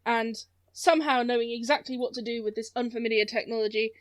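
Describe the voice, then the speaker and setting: High-voiced woman narrating as game master. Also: steady tone, fast talker. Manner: laughs often while narrating; casual, searching for words.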